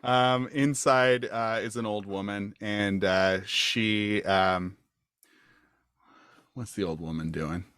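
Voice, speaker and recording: A man narrating a tabletop game as game master over a video call. He talks slowly and haltingly, with many fillers and restarts. The sound is dry and close. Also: fairly low pitch, fairly even intonation, a bit bright, smooth, no echo.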